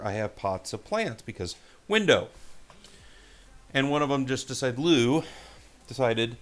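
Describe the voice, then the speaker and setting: A man's voice: lowish voice, fairly bright tone. Man thinking aloud on a game livestream. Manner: thinks aloud, mutters to himself and his pets. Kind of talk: casual game livestream commentary. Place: home room with a window.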